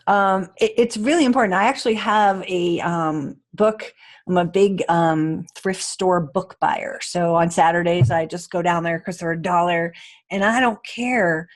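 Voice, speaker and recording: A woman's voice: lowish voice, unhurried. A woman host in casual interview chat, candid and chatty, swearing casually.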